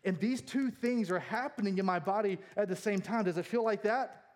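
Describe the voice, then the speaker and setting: A man with a fairly high voice delivers a sermon from the pulpit. He keeps it light and jokey, pokes fun at himself and laughs easily as he moves between stories and scripture. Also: fairly quick, a little mellow. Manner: jokey, self-deprecating, laughs often. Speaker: pastor. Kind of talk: humorous sermon.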